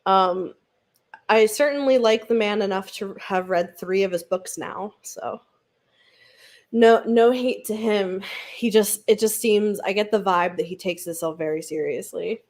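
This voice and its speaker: A woman's voice: mid-range voice, unhurried, a little mellow. A woman hosting a read-along livestream, chatting casually, rambling with lots of fillers and frequent giggles. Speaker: booktube host.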